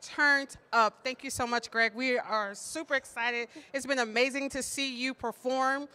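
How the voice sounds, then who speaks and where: A woman's voice: high voice, steady tone, sharp tone, clear, resonant tone. A woman podcast host introducing and thanking guests on a conference stage, bubbly and grateful. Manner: bubbly, thankful, quick asides with laughs.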